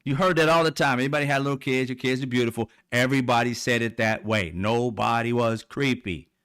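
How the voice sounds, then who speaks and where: A man's voice: mid-range voice, fairly even intonation, brisk, a bit bright, clean tone. A middle-aged man, hosting heated political commentary in a blunt, profane, mocking way. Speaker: commentary channel host.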